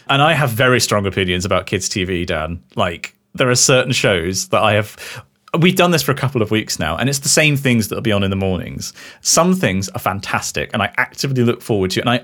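A man's voice: lowish voice, fairly quick. A young man from England co-hosting a casual podcast chat, laughing often and joking. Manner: animated, laughs often, jokey. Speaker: podcast co-host.

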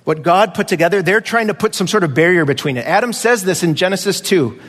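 A man's voice: sits high, animated, fast, fairly bright tone, in a large hall. A man preaching a conversational sermon as pastor, now and then acting out voices of children.

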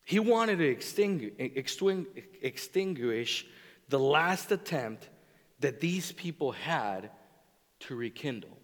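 A man preaching a sermon as a pastor, speaking in an animated way and acting out the voices he quotes. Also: mid-range voice, takes it slowly. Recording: long reverb of a large hall.

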